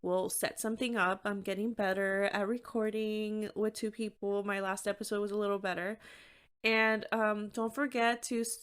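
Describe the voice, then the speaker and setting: A woman's voice: mid-range voice, a bit bright, clean tone. A woman hosting her own podcast, talking candidly and conversationally on her own with frequent "like" fillers. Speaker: podcast host. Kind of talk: solo podcast talk.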